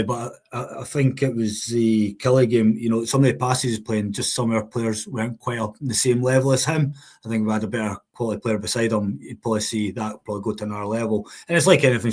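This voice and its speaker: Fast-talking man, football pundit. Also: medium pitch. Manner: rapid, full of fillers like "you know what I mean". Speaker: podcast co-host. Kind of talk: casual football podcast chat.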